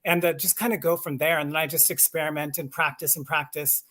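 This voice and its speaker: A man's voice: on the high side, fairly even intonation, fast, pushed and bright. A voice actor and audiobook narrator chatting casually and enthusiastically, laughing at himself as he explains his craft. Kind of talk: casual chat on a live stream.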